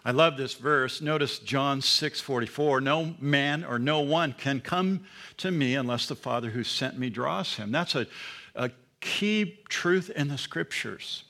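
Man, pastor, church sermon, emphatic, call-and-response, bright tone. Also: mid-range voice, unhurried, gravelly.

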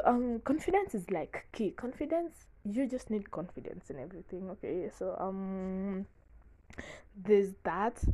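A young woman talking frankly in casual chat, excitable and quick to burst into laughter, swearing freely. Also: medium pitch. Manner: frank and profane. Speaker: vlogger.

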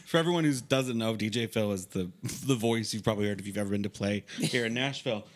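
A man's voice: on the low side, fast talker, background noise. A man co-hosting a podcast, teasing the others and steering the chat to questions. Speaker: podcast co-host. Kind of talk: casual comedic chat.

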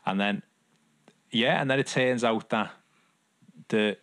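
A man's voice: on the low side, takes it slowly, fairly bright tone, no echo. A man, co-hosting a podcast in casual, rambling chat full of fillers and restarts. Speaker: podcast co-host.

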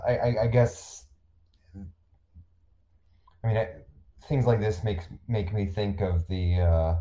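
Deep, dark-voiced male co-host. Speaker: podcast co-host. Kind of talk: casual sports chat.

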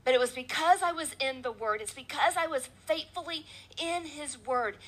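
A woman's voice: sits high, moderate pace, a bit bright, poor audio. A woman preaching a sermon in a church, driving her points home with emphatic, repeated phrases.

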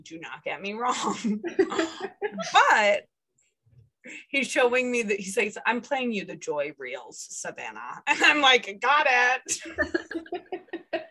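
A woman psychic medium chatting as a podcast guest, relaying a spirit's words in lively quoted bursts and laughing often. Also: mid-range voice, slightly rough, poor audio. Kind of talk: casual podcast chat.

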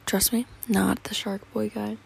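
A woman's voice: medium pitch, little pitch movement, a little slow, creaky, husky, poor audio. A teenage girl, rambling casually in a teary, sniffly voice and often half-whispering. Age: teens. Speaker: vlogger.

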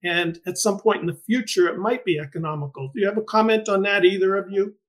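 A man's voice: sits high, quick pace. A middle-aged man hosting an interview podcast, speaking thoughtfully with frequent restarts and fillers. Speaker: podcast host and greenhouse researcher. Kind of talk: conversational interview.

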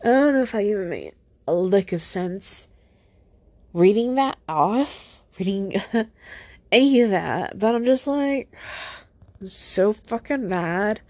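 A woman's voice: mid-range voice, lively intonation, slow, pauses often, a little mellow, no echo. A woman hosting a solo podcast, upset and near tears, sighing and swearing as she reads out text messages. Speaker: podcast host.

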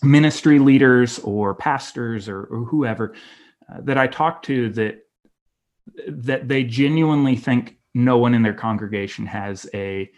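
Man, pastor, conference talk, halting, many restarts, candid, mid pitch. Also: darkish tone, muffled recording. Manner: candid, personal.

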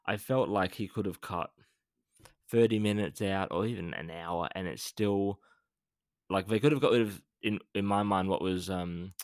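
A man co-hosting a film podcast, talking in a measured, hesitant way with a lot of fillers. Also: deep voice, no room sound, studio quality. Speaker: podcast co-host. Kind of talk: casual film discussion.

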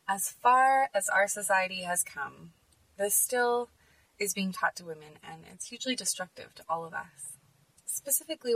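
A woman's voice: lowish voice, a bit bright, no echo, far from the mic, low-quality recording. A woman hosting a podcast, speaking in an earnest, emphatic personal monologue. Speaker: podcast host.

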